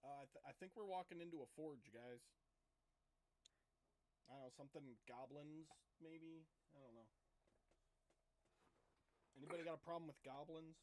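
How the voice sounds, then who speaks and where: A man playing a tabletop role-playing game, talking quickly and jokingly in casual banter. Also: fairly high pitch, slight background noise. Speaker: player.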